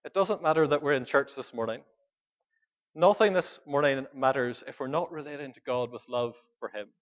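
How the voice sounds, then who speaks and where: A man's voice: mid-range voice, moderate pace. Male pastor, earnest sermon delivery, lo-fi church recording. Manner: earnest, pleading, questions the congregation.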